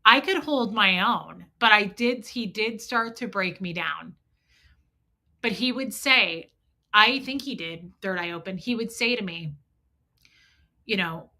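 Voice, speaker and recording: Blunt, animated woman with a bright voice. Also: mid-range voice. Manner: blunt, profane and animated, acting out both sides of old arguments. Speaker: host. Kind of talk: candid livestream storytelling.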